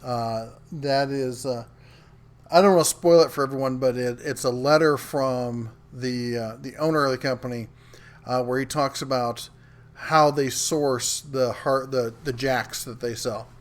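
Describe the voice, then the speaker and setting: A man's voice: medium pitch, steady tone, measured pace. A middle-aged man hosting a live tool show, chatting casually and reading viewer comments aloud with frequent ums. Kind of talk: casual livestream chat.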